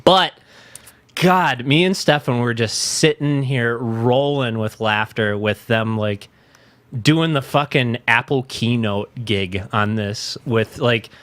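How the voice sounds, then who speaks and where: A man's voice: takes it slowly, fairly bright tone, dry recording. A man co-hosting a podcast in casual chat, laid-back and swearing freely. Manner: laid-back, swears freely, mocks presenters in a high goofy put-on voice. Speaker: podcast co-host.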